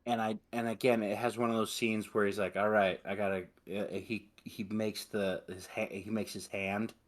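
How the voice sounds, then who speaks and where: A young man on a podcast, chatting excitedly about a movie, swearing a lot and acting out lines from it. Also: on the low side, moderate pace. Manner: excited, profane, quotes movie lines in put-on voices. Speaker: podcast host. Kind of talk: casual movie chat.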